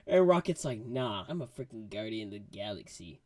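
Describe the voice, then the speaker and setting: Here's an excitable young man recapping a film in a casual, slangy way and acting out quotes from scenes as he goes. His voice sits at an ordinary middle pitch. It is recorded close and dry, with almost no room sound. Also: a little slow, no room sound. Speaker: movie reviewer. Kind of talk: casual movie review recap.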